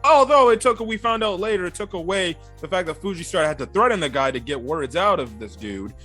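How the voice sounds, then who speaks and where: A man's voice: sits high, lively intonation, a little fast, bright, forceful tone. A man giving a casual, rambling review of an anime episode, full of fillers and loose asides. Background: faint background music.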